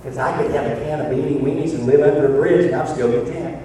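A man's voice: a little high, fast talker. Older preacher man in an echoey hall. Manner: preaching, swings between loud shouting and soft asides to the congregation. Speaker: pastor. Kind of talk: sermon. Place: church sanctuary. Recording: echoey church hall from far off.

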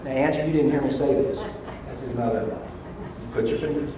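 An older man preaching a sermon, swinging between loud shouted points and quiet, joking asides to his congregation. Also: medium pitch, fast, a little hiss or hum. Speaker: pastor. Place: church sanctuary. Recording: echoey church hall from far off.

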